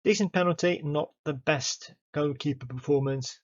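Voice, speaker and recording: Excitable man commentating a football game. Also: fairly high pitch, moderate pace, muffled recording. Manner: excitable play-by-play, talks to his players. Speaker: gaming YouTuber.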